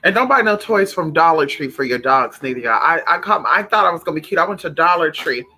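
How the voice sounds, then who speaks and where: Animated, bright-voiced vlogger ranting. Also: medium pitch, fast. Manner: animated, profane, talks to own dogs between remarks. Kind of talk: casual rant to camera.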